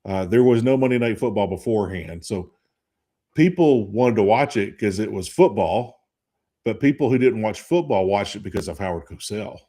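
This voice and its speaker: Tired guy in his fifties rambling on a sports talk show, lowish voice. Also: lively intonation, normal speed, mellow. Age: 50s. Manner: rambling, chatty, loses names mid-thought. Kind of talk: casual chat.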